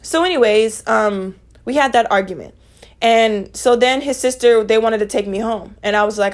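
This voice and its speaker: A woman's voice: a little high, normal speed. A young woman telling a storytime vlog in a rambling, profane, conversational way, full of dismissive asides. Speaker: vlogger.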